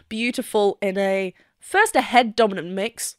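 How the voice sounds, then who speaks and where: A woman's voice: mid-range voice, unhurried, clean tone, no echo, clean studio sound. A woman vocal coach reacting to a singing performance and analysing the technique, eagerly breaking into short sung examples as she explains. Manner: enthusiastic, demonstrates notes by singing snippets.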